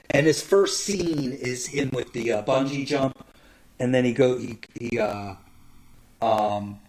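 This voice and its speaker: A man in a casual, rambling monologue, often clearing his throat and swearing. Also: mid-range voice, low-quality recording.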